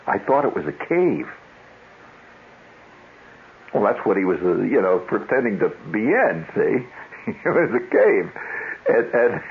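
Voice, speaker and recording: A man's voice: on the low side, slight background noise. A man hosting a radio show, telling wry, rambling stories and often interrupting himself, heard on a dull lo-fi 1970s radio broadcast. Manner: wry, storytelling, self-interrupting. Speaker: radio host. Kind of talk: rambling monologue.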